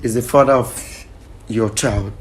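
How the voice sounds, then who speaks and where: An actor plays a talk-show host who mediates a family fight. He asks pointed questions and urges calm in an even, firm voice. A faint background noise runs under him. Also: mid-range voice, measured pace, lightly acted, poor audio. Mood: probing. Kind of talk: dramatized talk-show confrontation.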